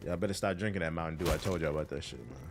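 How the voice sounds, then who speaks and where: A man's voice: rumbling low, very fast, soft background music. A man with a Washington, D.C. accent casually chatting on a gaming stream, using loose, profane slang and answering chat while he plays. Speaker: livestreamer.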